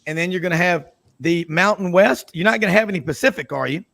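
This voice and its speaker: Gravelly, higher-voiced man hosting sports radio. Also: animated, quick pace, fairly bright tone. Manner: rambling, jokey storyteller. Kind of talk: casual radio roundtable chat.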